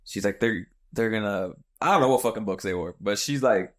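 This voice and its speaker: Man, young adult, podcast host, lowish voice, casual storytelling, swears, acts out quotes. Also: fairly quick, hardly any pauses.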